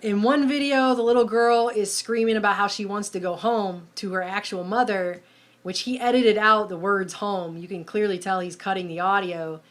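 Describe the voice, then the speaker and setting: A woman's voice: mid-range voice, steady tone, moderate pace, slight background noise. A woman giving indignant, emphatic commentary on video clips.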